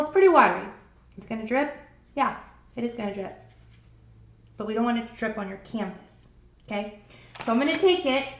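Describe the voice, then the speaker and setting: Cheerful painting instructor in her forties, high-ish voice, room echo. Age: 40s. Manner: chatty, encouraging, upbeat. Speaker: art instructor. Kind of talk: live painting tutorial. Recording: roomy, dull sound.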